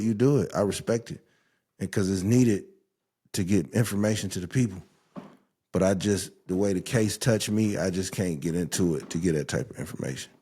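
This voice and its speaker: Young male podcast host, dark low voice, loose profane storytelling that swings into mocking rants. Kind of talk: casual chat.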